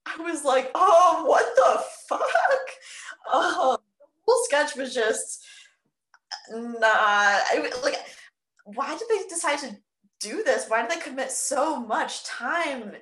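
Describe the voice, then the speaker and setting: A woman's voice: sits high, animated, slow, a bit bright. A woman co-hosting a casual podcast, talking in an exasperated way with lots of swearing and fillers. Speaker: podcast co-host. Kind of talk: casual chat. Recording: echoey room.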